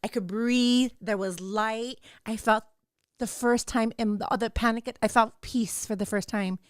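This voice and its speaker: A woman's voice: a little high, steady tone, unhurried, clear, resonant tone, no room sound, studio quality. A woman in her thirties hosting a podcast, telling a personal story intensely, peppered with "like" and cursing. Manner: intense, repeats "like" constantly, swears freely. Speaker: podcast host.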